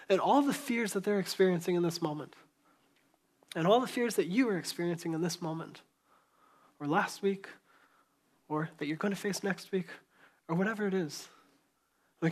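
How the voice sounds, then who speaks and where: A man pastor preaching a sermon in a church, telling the story conversationally, acting out voices and dropping to a hushed tone. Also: high-pitched, moderate pace, long pauses.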